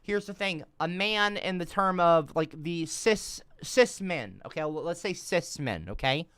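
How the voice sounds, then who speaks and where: A man doing rambling, sarcastic livestream commentary, cursing often, trailing off mid-sentence and swinging between mumbles and loud outbursts. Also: on the high side, expressive, a little slow, clean tone, no echo.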